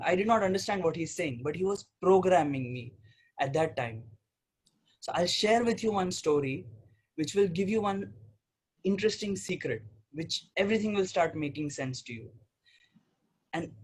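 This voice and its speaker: A young man with a high, husky voice tells a story from his childhood as a spiritual healing teacher. He speaks earnestly and stacks up repeated phrases one after another. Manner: earnest, repetitive lists of phrases. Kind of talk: storytelling talk.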